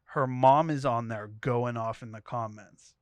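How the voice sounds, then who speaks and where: A man's voice: mid-range voice, a little slow, no echo. Dry-miked man reading a story thread. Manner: profane storytelling, quoting characters in turn. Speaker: podcast co-host. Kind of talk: reading a tweet thread aloud.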